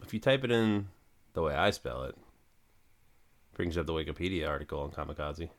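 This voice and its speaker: A man's voice: extremely low pitch, lively intonation, brisk. A man co-hosting a podcast, chatting in a laid-back, dry way. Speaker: podcast co-host. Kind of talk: casual chat.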